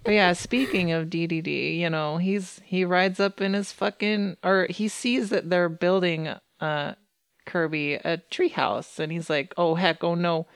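A woman's voice: fairly low pitch, fairly even intonation, a little slow, vocal fry, smooth, dry recording. A woman co-hosting a podcast who chats casually, rambling and joking, and swears freely. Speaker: podcast co-host. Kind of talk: casual chat.

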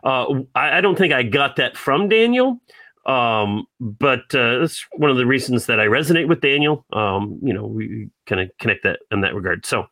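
A man's voice: medium pitch, lively intonation, normal speed, sharp tone, no room sound. A man hosting a podcast, talking earnestly and hesitantly in a casual chat. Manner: hesitant, many fillers, earnest. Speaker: podcast host.

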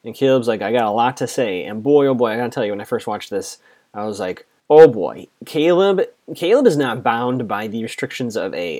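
A man casually recapping a TV episode, chatty and quick to quote the characters. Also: mid-range voice, darkish tone. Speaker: TV recap host.

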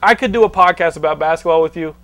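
A young man hosting a podcast, loud and swearing a lot as he talks over his guests. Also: on the high side, fast. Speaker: podcast host. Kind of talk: loud casual podcast banter.

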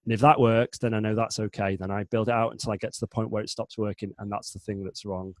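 Flat in delivery and quick in pace, this fairly low-pitched voice belongs to a chatbot developer in his forties from northern England, with a Northern English accent. As an interview guest he rambles chattily, often restarting and correcting himself. There's no room sound.

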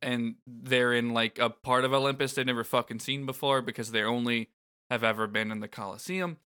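Bright-voiced, wry podcast co-host. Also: male voice, medium pitch, steady tone, fairly quick, clear, resonant tone. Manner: wry and joking, reads story beats aloud. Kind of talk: casual podcast chat recapping a game.

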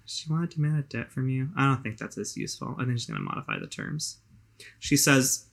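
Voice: medium pitch, wildly swooping pitch, brisk, gravelly, husky. A game master narrating a tabletop game in a loose, casual way, with lots of fillers.

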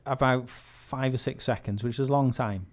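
A man's voice: medium pitch, steady tone, normal speed. A man hosting a podcast, telling a comic anecdote in casual chat, laughing often and repeating his punchlines. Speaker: podcast host.

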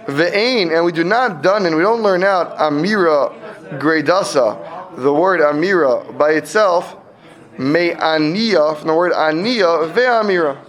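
A man's voice: on the high side, a little slow, a bit bright. A man teaching a classroom Talmud lesson, explaining step by step and checking in with students often.

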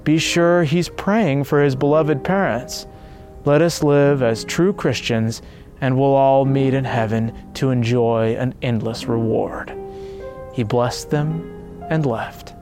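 A man's voice: mid-range voice, takes it slowly, darkish tone, soft background music. A man narrating a saint's life story in an earnest, devotional scripted reading.

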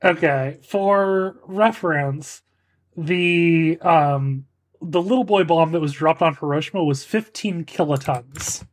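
A woman co-hosting a podcast who chimes in with dry, quick factual asides in casual chat. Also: low voice. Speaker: podcast co-host.

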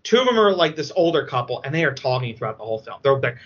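A man chatting on a podcast, an emotional, excitable storyteller who talks with many fillers. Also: mid-range voice, rapid-fire, slightly rough. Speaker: podcast guest. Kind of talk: casual podcast chat. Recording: dull lo-fi audio.

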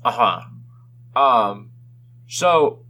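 A man's voice: mid-range voice, expressive, extremely slow, bright, forceful tone. A man co-hosting a casual podcast, ranting with exaggerated complaints. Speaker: podcast co-host.

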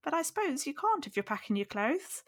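A woman doing a high, odd little boy voice. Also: very animated, a little fast. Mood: eager. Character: eager, chatty little boy.

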